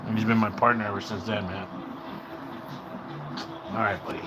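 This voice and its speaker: A man hosting a casual livestream, chatting and rambling to his viewers, mixing in Spanish words and breaking into excited whoops. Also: on the low side, moderate pace, music in the background. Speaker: livestream host.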